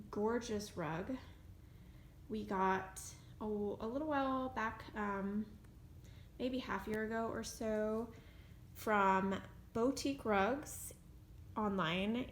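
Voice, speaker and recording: A woman's voice: a little high, echoey room, slight background noise. Bubbly young woman giving a chatty home tour. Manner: bubbly and gushing, with frequent "so cute" and fillers. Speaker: home decor vlogger. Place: at home, walking through living room.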